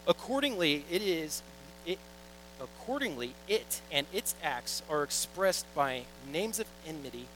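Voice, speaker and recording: A man's voice: a little high, big pitch swings, a little slow, fairly bright tone, slight background noise, low-quality recording. Man preaching a conversational sermon. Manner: conversational, jokey storytelling with quoted asides. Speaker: pastor.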